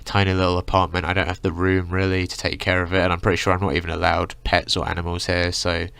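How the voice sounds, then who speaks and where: A man's voice: sits low, monotone, fast talker, vocal fry, a bit bright, smooth, dry recording. A young man ranting through a casual storytime, rambling with lots of filler words. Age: young adult. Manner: rambling, full of "like" and "you know". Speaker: vlogger.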